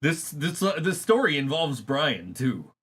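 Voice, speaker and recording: A man's voice: fairly high pitch, sing-song, measured pace, fairly bright tone, slightly rough. Profane, laughing male podcast host. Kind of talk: casual chat.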